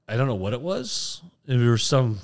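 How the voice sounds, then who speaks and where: A man co-hosting a podcast, telling rambling, animated stories in casual chat. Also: medium pitch, moderate pace. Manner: rambling, animated storytelling with restarts. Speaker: podcast co-host.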